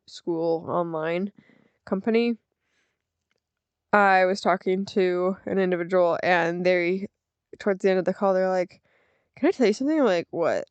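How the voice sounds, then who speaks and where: A woman's voice: fairly low pitch, clear, resonant tone, no room sound, highs cut off. A young woman hosting a casual solo podcast, chatting in a rambling, self-deprecating way with lots of fillers, close to the mic. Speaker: podcast host.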